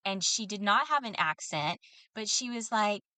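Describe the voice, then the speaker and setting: A woman's voice: mid-range voice, expressive, normal speed, pushed and bright, no room sound. Chatty woman telling a story. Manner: storytelling with frequent fillers and laughs. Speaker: podcast co-host. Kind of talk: casual chat.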